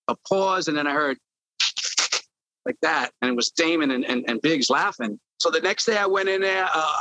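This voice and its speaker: A man's voice: fairly high pitch, bright, forceful tone, no echo, rough recording. A man in an interview, a former label intern telling stories animatedly and acting out quotes. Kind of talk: storytelling interview.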